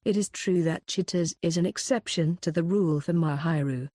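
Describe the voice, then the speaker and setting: Brief: woman audiobook narrator, even reading, slightly low voice. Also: moderate pace, no echo, studio quality.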